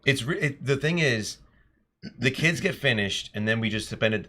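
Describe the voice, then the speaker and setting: A man and teacher telling classroom stories in an earnest, animated podcast chat. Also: medium pitch, normal speed. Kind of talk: casual storytelling chat.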